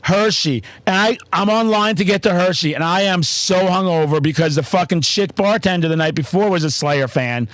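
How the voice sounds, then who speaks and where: A man's voice: high voice, normal speed, hardly any pauses, no echo. A man telling stories in casual chat, swearing constantly and getting worked up. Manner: profane, excitable storytelling. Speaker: podcast host.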